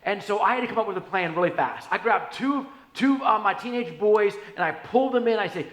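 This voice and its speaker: A man preaching a storytelling sermon as a pastor, animated, swinging from hushed to loud. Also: sits high, fairly quick, few pauses. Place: church sanctuary. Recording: echoey church hall.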